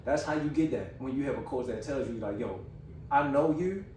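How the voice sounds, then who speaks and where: A man's voice: medium pitch, quick pace. Emphatic man, echoey and distant. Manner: animated, emphatic, slangy. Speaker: podcast host. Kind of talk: casual chat. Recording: echoey room, far from mic, background noise.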